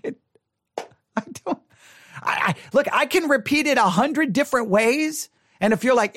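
A Bible study podcast host, hoarse and losing their voice, rambling in exasperation with many restarts while reviewing a sermon. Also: high voice, lively intonation, measured pace, pauses often, a bit bright, no room sound.

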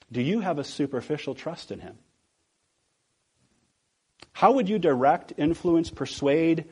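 A male pastor preaching a sermon, asking the congregation rhetorical questions and slowing down to stress key words. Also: fairly high pitch, a little mellow, husky.

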